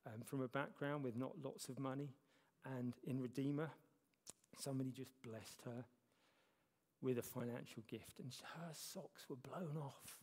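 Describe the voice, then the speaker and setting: A man gives a sermon in a church hall, his voice gravelly with a touch of fry. He keeps it conversational and pokes fun at himself, and the hall rings with a long reverb. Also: medium pitch, steady tone, normal speed, a little mellow. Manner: conversational, self-deprecating humor. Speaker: church elder preaching.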